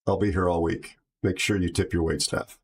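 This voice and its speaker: Very low-voiced man chatting on a livestream. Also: steady tone, normal speed, husky. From aviation background. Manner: chatty, tells jokes, reads chat aloud. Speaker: livestream host. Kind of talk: casual livestream chat.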